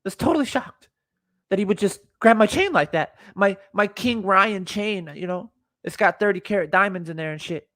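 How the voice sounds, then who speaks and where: Brief: a man putting on a high, whiny fighter, all fake shock, bone-dry sound. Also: moderate pace, a bit bright, dry recording. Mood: whiny, mock-shocked. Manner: mocking, exaggerated fake shock. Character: whiny mock boxer, a man acting wounded and innocent.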